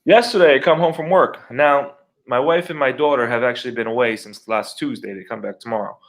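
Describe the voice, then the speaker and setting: A middle-aged man co-hosting a podcast, telling a long neighbor story in casual, profane, animated talk and acting out his own reactions. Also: mid-range voice, a little fast. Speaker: podcast co-host.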